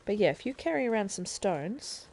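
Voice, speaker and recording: A woman's voice: mid-range voice, sing-song, moderate pace, a little mellow. A woman streaming a video game live, chattily explaining the controls and thinking aloud as she plays. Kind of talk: casual live-stream gameplay tutorial.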